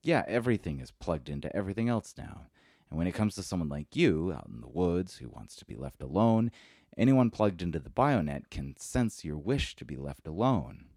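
A man's voice: sits low, big pitch swings, moderate pace, darkish tone, no room sound, clean studio sound, pitched above the performer's own voice, exaggerated voice. A man doing an awkward, chatty android. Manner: eager, hesitant, rambling.

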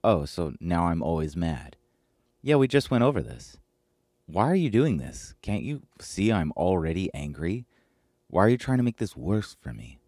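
A man puts on the voice of an angry, snapping friend, sounding agitated and exaggerated, pitched above his natural voice. It's deep, sing-song, and darkish in tone at a moderate pace. The recording is dry, clean studio sound.

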